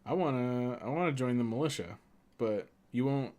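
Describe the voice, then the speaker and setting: A man's voice: mid-range voice, moderate pace, mellow. A man streaming a video game, chatting casually, rambling and laughing often. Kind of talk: casual gaming stream commentary.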